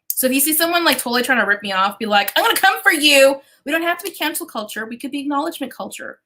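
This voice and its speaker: High, bright-voiced woman livestream host. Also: fast talker, slight background noise, rough recording. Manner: chatty and animated, casual swearing, addresses viewers directly. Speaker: business coach and astrologer hosting a livestream. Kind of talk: casual livestream chat.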